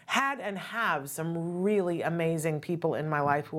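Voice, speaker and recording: A woman's voice: low voice, lively intonation, measured pace, fairly bright tone. A middle-aged woman hosting a talk show, speaking earnestly and conversationally and often checking in with "right?". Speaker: host. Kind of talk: casual talk show monologue.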